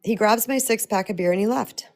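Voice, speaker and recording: A middle-aged woman host telling a personal story in a chatty, animated way, laughing often. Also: mid-range voice, fairly quick. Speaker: host and self-love coach. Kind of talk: storytelling talk.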